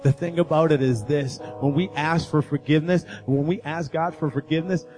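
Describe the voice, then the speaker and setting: A man delivering a sermon to a congregation, his voice sitting a touch high for a man. He tells a story with building intensity and makes urgent, direct appeals. Soft worship music plays underneath. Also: fairly even intonation, brisk. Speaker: guest speaker. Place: church sanctuary.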